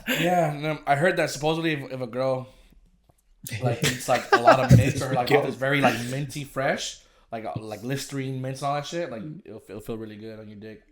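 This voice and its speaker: A man's voice: medium pitch, brisk. A man co-hosting a podcast, rambling in casual chat with lots of fillers and crude talk. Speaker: podcast co-host.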